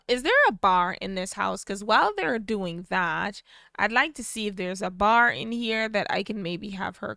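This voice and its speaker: A woman's voice: medium pitch, creaky, pushed and bright, no echo, studio quality. A woman in casual gameplay commentary, chatty and sassy, acting out the characters' voices. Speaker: gameplay narrator.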